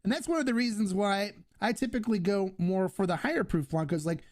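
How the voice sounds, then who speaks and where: A man's voice: sits high, fairly quick, darkish tone. A man hosting a live-stream question and answer session, talking casually and enthusiastically with frequent fillers and restarts. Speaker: host.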